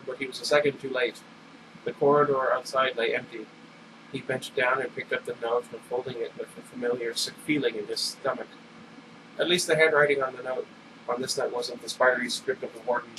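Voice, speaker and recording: A man's voice: medium pitch, fairly even intonation, a little fast. A man reading a novel aloud in a casual storytelling way, stumbling and correcting himself as he goes. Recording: distant mic with air-conditioner hum.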